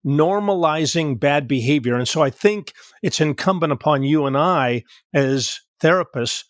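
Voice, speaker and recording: A man's voice: a little high, normal speed, no echo, studio quality. A middle-aged man hosting a podcast as a therapist, talking casually and illustrating his points with examples from his couples work. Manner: explains with role-play examples from his practice. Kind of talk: conversational podcast talk.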